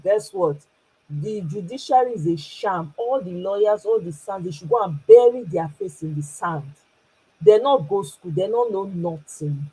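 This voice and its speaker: A woman's voice: medium pitch, a little mellow, husky, rough recording. A woman with a Nigerian accent, hosting her own channel and talking to viewers in an emphatic, casual way, switching between English and Pidgin. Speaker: host. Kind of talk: casual political commentary to viewers.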